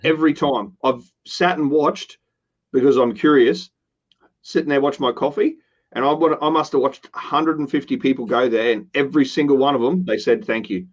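A man's voice: mid-range voice, fairly quick. Earnest man on a lo-fi line. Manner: earnest, with upbeat quoted asides. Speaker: podcast co-host. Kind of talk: casual business chat.

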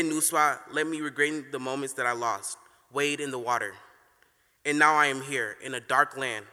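A man's voice: medium pitch, bright, forceful tone. A teenage boy performing a solemn spoken word poem on stage. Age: teens. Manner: solemn, declamatory. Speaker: youth slam poet. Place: theater stage. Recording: long reverb of a large venue.

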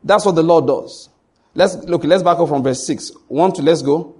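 A male pastor with a Nigerian accent preaches to the people before him, speaking to them directly with emphasis and repetition. The voice is fairly high and a little mellow, at a moderate pace.

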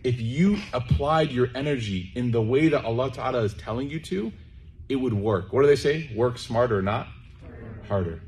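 A man's voice: medium pitch, moderate pace, a little mellow, a little hiss or hum. A man giving a conversational sermon to a live audience, joking and checking in with listeners, then leading a closing prayer. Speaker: preacher.

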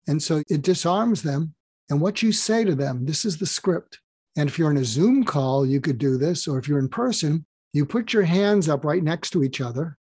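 A man's voice: fairly high pitch, moderate pace, husky, dry recording. A man talking as a podcast guest, explaining his ideas through stories and acting out little bits of dialogue. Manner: animated storyteller who acts out dialogue. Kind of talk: conversational interview, explaining with stories.

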